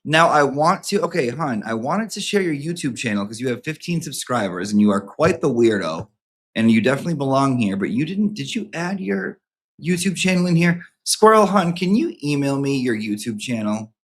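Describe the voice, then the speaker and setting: A man hosts his channel in a campy, sassy style, reading viewers' emails aloud for a live audience with lots of asides and free swearing. His medium-pitched voice is husky and a bit bright, with big pitch swings, at a normal speed.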